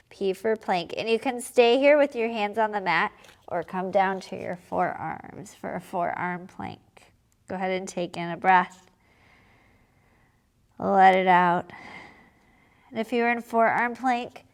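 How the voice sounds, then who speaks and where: A woman guides children through yoga poses and breathing at an unhurried, slow pace. Her pitch sits in a middle range. She keeps her cues gentle, clear and encouraging. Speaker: kids yoga instructor.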